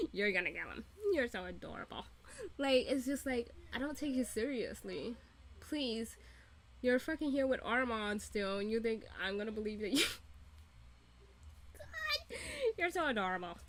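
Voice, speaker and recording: A woman's voice: mid-range voice, fairly bright tone. A woman host giving a casual, profane, laughing recap of a TV episode. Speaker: reaction channel host.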